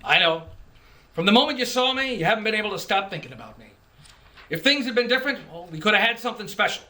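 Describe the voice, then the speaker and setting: An actor playing a cocky, pompous big-city detective hero in the style of a 1940s radio serial. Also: male voice, sits high, very animated, quick pace, pushed and bright, heavily acted. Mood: smug. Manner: pompous, self-assured, earnest proclamations. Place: stage.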